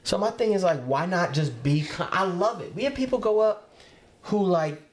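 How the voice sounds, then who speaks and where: A man's voice: high-pitched, normal speed, a little hiss or hum. A stand-up comedian, a man, chatting casually on a podcast and slipping into quoted voices. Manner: expressive, drops into quoted voices.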